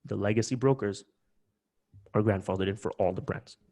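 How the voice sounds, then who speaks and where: A man hosting a live webinar, talking in an animated, emphatic way with many quick restarts. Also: lowish voice. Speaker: webinar host.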